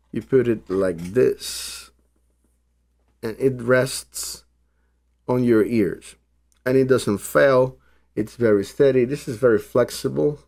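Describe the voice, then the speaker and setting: A man walks through a hands-on product demo at an unhurried, deliberate pace. His voice sits in an ordinary middle register. He speaks English as a second language, thinking aloud with many restarts and fillers. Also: mid-range voice, creaky, darkish tone. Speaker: tech product reviewer.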